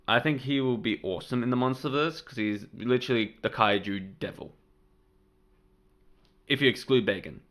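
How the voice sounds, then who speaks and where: A man's voice: mid-range voice, a bit bright, smooth. A man of Serbian background hosting his channel, giving casual, rambling reaction commentary on a trailer. He corrects himself as he goes and swears freely. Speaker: channel host.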